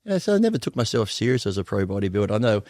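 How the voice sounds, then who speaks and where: A middle-aged Australian man telling rapid, profane stories as a guest on a podcast, acting out the voices of the people he quotes. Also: lowish voice, sing-song, a little mellow, no echo, clean studio sound. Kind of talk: casual storytelling interview.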